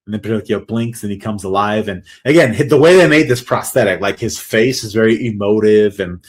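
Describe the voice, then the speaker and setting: A man's voice: fairly low pitch, a little fast. A man co-hosting a podcast, casually recapping a horror movie with lots of restarts and fillers. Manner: rambling, many restarts and fillers. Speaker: podcast co-host.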